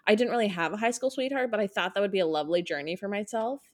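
A woman in her twenties hosts a podcast in a casual, rambling way, filling her talk with "like" and "um." Her voice sits at a middle pitch. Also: very fast. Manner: rambling, filler-heavy. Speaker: podcast host. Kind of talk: casual chat.

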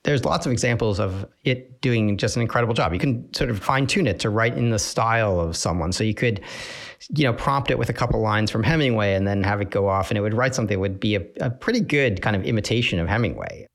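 A man's voice: lowish voice, quick pace. A man being interviewed who explains a subject with hesitations and many fillers. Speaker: interviewed expert.

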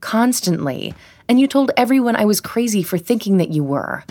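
A woman's voice: medium pitch, big pitch swings, normal speed, darkish tone, voice pushed up. A woman reading an audiobook, voicing a frightened but defiant woman who speaks firmly and tensely. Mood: angry.

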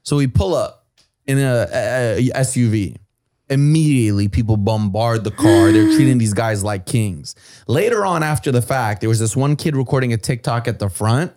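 Animated man telling a story. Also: medium pitch. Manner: animated, acts out other people's lines; profane, blunt. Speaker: podcast guest. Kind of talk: casual storytelling.

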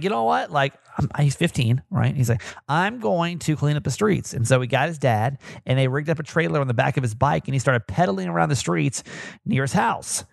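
A man's voice: fairly high pitch, vocal fry, no room sound. A man hosting a casual podcast, rambling and self-mocking with many hesitations. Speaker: podcast host. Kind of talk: casual chat.

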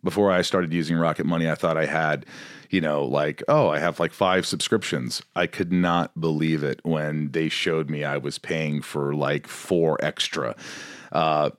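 Deep-voiced man doing a chatty ad read. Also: fairly even intonation, a little slow, no echo, studio quality. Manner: chatty, upbeat, conversational. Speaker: podcast host. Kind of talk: casual sponsor read.

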